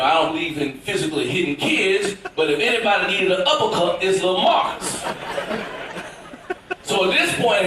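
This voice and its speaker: A man from Tennessee doing stand-up comedy, telling a story in an animated, emphatic way with shouted punchlines. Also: high voice, a little hiss or hum. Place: cruise ship theater with audience. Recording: echoey theater from far off. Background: audience laughter.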